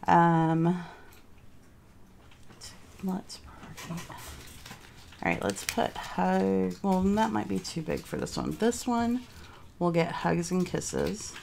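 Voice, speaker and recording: A woman's voice: fairly low pitch, sing-song, takes it slowly, gravelly, pauses often, a little mellow, a little hiss or hum. A young woman crafting at home, chatting casually and thinking aloud while she changes her mind. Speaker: craft vlogger.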